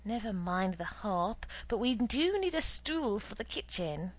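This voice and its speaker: A woman's voice: medium pitch, very animated, a little slow, low-quality recording. A woman reading the part of a worried, indignant middle-aged wife who pleads with her husband.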